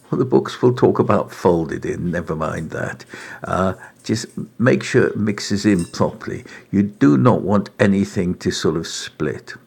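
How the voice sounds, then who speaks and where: Middle-aged male home cook, deep gravelly voice, relaxed unhurried demo delivery. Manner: unhurried, chatty, with frequent uh and right. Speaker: home cook presenting a recipe. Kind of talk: relaxed cooking demonstration. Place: home kitchen in France.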